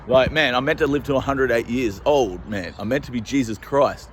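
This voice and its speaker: A man's voice: mid-range voice, animated, slight background noise. Rambling young Australian man, swearing nonstop. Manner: rambling, swears constantly, fast asides. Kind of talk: rambling walking vlog. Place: outdoors on city streets.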